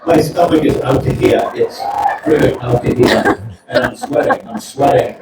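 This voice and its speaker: A middle-aged man doing a loud stand-up set, laughing and acting out voices. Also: fairly high pitch, sing-song, moderate pace, vocal fry. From New England. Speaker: stand-up comedian. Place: large theater stage. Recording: roomy audience recording from far off, noisy. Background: audience laughter.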